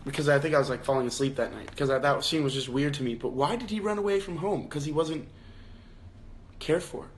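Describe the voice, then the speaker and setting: A man's voice: fairly high pitch, brisk, slight background noise. A young man talks through a novel on a casual livestream, the way a book club host does. He thinks aloud, backing up and restarting his sentences. Now and then he lifts his voice to act out a quoted line. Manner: reads quoted lines in a raised acted voice. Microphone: phone.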